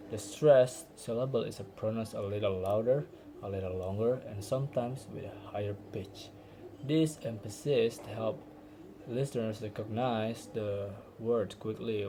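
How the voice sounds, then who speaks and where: A man's voice: on the low side, warm tone, a little hiss or hum, poor audio. A young man, a university student from Indonesia, giving an earnest class presentation with small restarts. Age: young adult.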